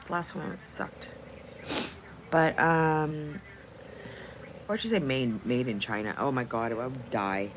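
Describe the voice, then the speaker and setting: A woman's voice: extremely low pitch, slow pace, pauses often, background noise. A woman hosting a casual livestream, rambling and cursing freely with frequent laughter. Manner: profane, rambling, laughs a lot. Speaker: livestream host.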